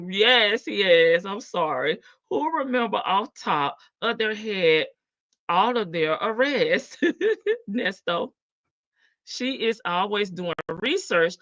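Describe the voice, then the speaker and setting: A woman hosts a casual livestream, reading chat comments aloud with sassy teasing and frequent laughter. Her voice is medium-pitched with a sharp tone and no echo, captured in dull lo-fi stream audio.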